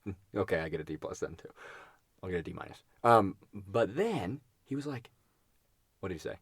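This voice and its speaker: A man's voice: low voice, sing-song, fairly quick, breathy edge, no echo, clean studio sound. A man co-hosting a podcast, chatting casually and telling a rambling story with frequent laughs and restarts. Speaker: podcast co-host. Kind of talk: casual chat.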